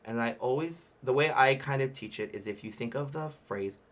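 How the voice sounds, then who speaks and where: A man teaching a relaxed livestream ukulele lesson in a conversational voice. He breaks Hawaiian words into slow, careful syllables as he demonstrates them. His talk is loose and friendly, full of fillers and easy laughter. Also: medium pitch. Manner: explains patiently, sounds out Hawaiian words syllable by syllable; chatty with frequent fillers and laughter. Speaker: ukulele workshop instructor.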